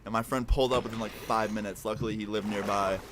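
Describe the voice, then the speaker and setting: Casual animated young man storyteller. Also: lowish voice, fast talker, a little hiss or hum. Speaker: streamer. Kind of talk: storytime narration.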